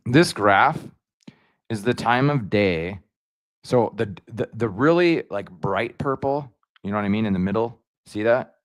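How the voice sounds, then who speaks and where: A man with a fairly low voice chats casually to viewers of his livestream, rambling and slangy. His pitch swings widely, leaping up when excited. The sound is dry and close. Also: unhurried, no room sound. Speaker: YouTube livestream host.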